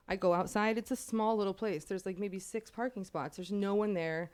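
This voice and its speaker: Woman 30s, casual podcast chat, cursing and animated, laughs a lot. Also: medium pitch, smooth. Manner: profane, animated, quick to laugh. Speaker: podcast co-host.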